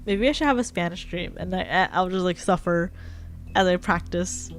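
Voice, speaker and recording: A woman's voice: on the low side, normal speed. A young adult woman chatting casually on a live stream, rambling and filling her talk with "like". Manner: chatty, rambling, heavy use of "like". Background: faint background music.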